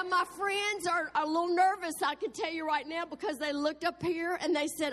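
Exuberant high-voiced woman preacher. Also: fairly even intonation, normal speed, few pauses, fairly bright tone. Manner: exuberant, peppered with praise exclamations. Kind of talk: sermon. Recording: echoey hall.

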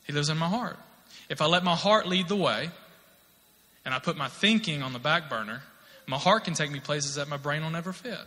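Bright-voiced male preacher in a hall. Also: on the high side, brisk. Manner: conversational storytelling, rising to emphatic exhortation. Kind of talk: sermon with personal testimony. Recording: long hall reverb.

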